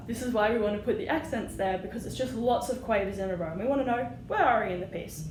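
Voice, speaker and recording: A woman's voice: mid-range voice, quick pace, few pauses. A woman teaching flute, patient and encouraging, singing rhythms aloud as she explains. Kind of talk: music lesson. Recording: echoey room with audible noise.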